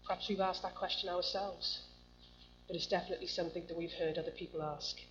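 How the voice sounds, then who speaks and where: A woman delivers a sermon in a slightly low voice, reading scripture and then talking with the congregation in a conversational way. The recording is dull and lo-fi, with a faint hum underneath. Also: steady tone, fast, fairly bright tone. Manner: conversational, asks the congregation questions. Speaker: preacher.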